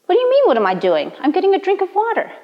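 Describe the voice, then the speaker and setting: A woman's voice: very high voice, huge pitch swings, very fast, in a large hall, lo-fi sound, pitched above the performer's own voice, exaggerated voice. A woman voicing a boastful young male fox, indignant and incredulous, in a told folk tale.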